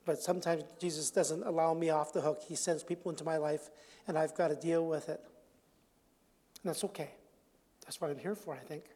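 High-pitched preacher guy telling a bible story, acts out the voices, chuckles a lot, long echoey hall reverb. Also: fairly even intonation, brisk, long pauses, darkish tone. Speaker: pastor. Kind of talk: sermon.

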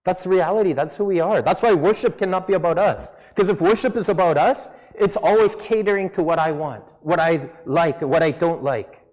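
A man delivers a sermon in an easygoing, conversational manner, speaking English with a slight non-native accent. His voice sits a little high for a man. A long reverb from a church hall trails behind his words. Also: fairly quick, few pauses, a little mellow. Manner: conversational, self-deprecating preaching with mock voices. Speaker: pastor.

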